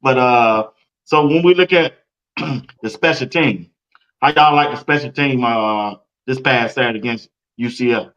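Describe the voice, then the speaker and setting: A man's voice: medium pitch, unhurried, a bit bright. A man hosting casual sports talk, loose and playful as he asks his questions. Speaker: host. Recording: dull lo-fi stream audio.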